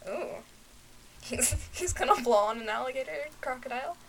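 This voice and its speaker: A woman plays in a tabletop game, speaking in a slightly high voice. She talks casually and hesitates often with ums. Faint background noise sits under the recording. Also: lively intonation, normal speed, a bit bright, poor audio. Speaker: player.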